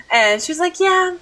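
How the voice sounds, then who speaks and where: Bubbly high-voiced young woman. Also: fairly bright tone, poor audio. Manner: bubbly and giggly, with frequent "like" fillers. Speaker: streamer recapping a role-play game. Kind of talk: casual storytelling vlog.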